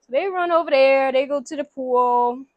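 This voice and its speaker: A woman casually retelling a movie plot in slangy, animated storytelling, acting out the characters' lines. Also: high-pitched, normal speed, no echo, dull audio. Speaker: vlogger recapping a movie.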